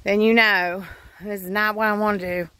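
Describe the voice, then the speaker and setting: A woman homesteader vlogger talks frankly to her phone outdoors on her farm, rambling casually to camera with sighs and fillers. Her medium-pitched voice is flat and fairly bright at a moderate pace, with slight background noise.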